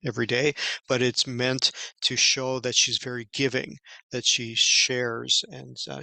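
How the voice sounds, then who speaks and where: A man giving an informal Bible study lesson, talking in a casual, halting way with many fillers and restarts. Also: mid-range voice, creaky, pushed and bright, dry recording, poor audio. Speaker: Bible teacher.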